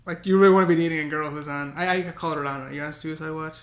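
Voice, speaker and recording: A man's voice: fairly high pitch, fairly even intonation, fast, roomy sound. A man talking to the camera in a casual, rambling monologue, often repeating words and breaking into cursing rants. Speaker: vlogger.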